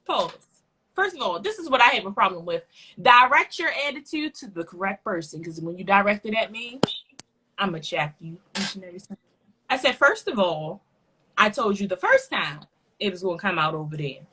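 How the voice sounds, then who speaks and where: A woman co-hosting a podcast, telling a story in a casual, animated and profane way. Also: medium pitch, fairly quick, breathy edge. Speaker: podcast co-host.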